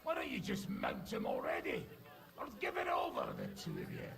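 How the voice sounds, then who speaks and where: A gruff, hard-drinking mercenary speaks in a game with a deeply gravelly rasp. His pitch leaps and drops all over, and his talk is coarse and full of curses. He sits a touch higher than most men. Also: huge pitch swings, moderate pace, a bit bright, heavily acted. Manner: crude, swearing, gravelly. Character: foul-mouthed grizzled male mercenary, gruff and boozy.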